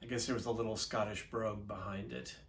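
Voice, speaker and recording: A man's voice: lowish voice, level tone, quick pace, a little hiss or hum. A middle-aged man telling a personal story from his youth in a chatty, rambling way, with fillers and self-corrections.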